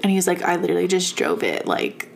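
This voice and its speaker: A young woman telling a story in casual chat, animated and profane, laughing often. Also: fairly low pitch, fast talker, gravelly, a little hiss or hum.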